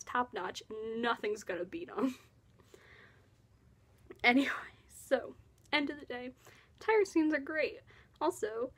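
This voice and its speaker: A young woman vlogger chatting casually, excitable and gushing, laughing often as she recaps scenes. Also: a little high, husky. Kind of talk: casual fan commentary.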